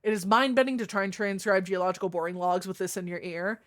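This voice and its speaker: A woman chatting casually on a live stream, answering her chat as she goes. She is frank, crude and playful, and she swears without a second thought. Her voice sits at a middling pitch and leaps up in sudden bursts. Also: fairly even intonation, quick pace, hardly any pauses.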